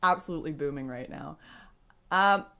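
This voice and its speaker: A woman's voice: deep voice, normal speed, pushed and bright. A young woman hosting a casual livestream, chatting to her viewers and laughing often. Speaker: livestream host.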